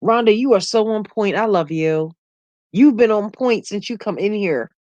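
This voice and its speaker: A middle-aged woman hosting a casual livestream, chatting with viewers, laughing often and telling animated stories. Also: mid-range voice, moderate pace, no room sound, dull audio. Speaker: YouTube livestream host. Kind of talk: casual livestream chat reading comments.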